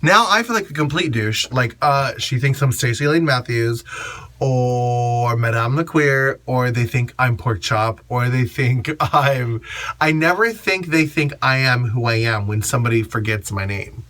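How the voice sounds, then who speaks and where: A man who works as a drag performer and MC, giving blunt, sassy advice and acting out gushing fans in shrill voices. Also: unhurried, a bit bright. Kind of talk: casual advice monologue.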